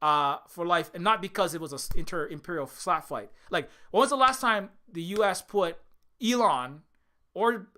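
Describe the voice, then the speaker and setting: A man's voice: sits high, moderate pace, pushed and bright. A man ranting casually, profane and rambling, with many restarts and mocking acted-out quotes. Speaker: indie game developer and commentator. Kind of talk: casual rant.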